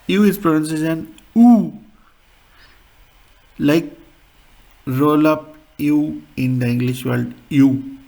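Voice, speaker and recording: A man teaching a beginner language lesson, explaining sounds in a halting way and repeating words. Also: on the high side, creaky, warm tone.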